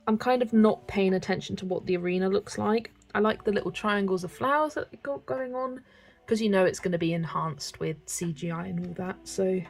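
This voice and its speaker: A young woman, chatting casually and excitably while colouring and answering comments, with music playing softly behind her. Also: medium pitch, vocal fry, rough recording. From England. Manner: chatty, excitable, laughs often. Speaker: colouring livestreamer.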